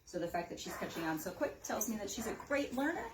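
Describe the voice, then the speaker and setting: A woman dog trainer giving an upbeat hands-on demo, calling out sharp high praise to a dog as she works. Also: sing-song, fast talker, slight background noise. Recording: roomy, mic at a distance.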